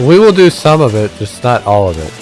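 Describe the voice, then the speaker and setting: A man's voice: mid-range voice, fairly quick, music in the background. A man casually commenting on his own gameplay, talking frankly with plenty of "uh"s and the odd swear word. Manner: relaxed, frank, swears, many filler "uh"s. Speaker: let's play host.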